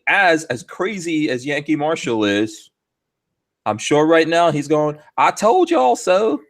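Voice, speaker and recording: A man hosting a casual podcast chat, heated and ranting, with mocking asides. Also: fairly high pitch. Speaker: podcast host. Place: Florida studio.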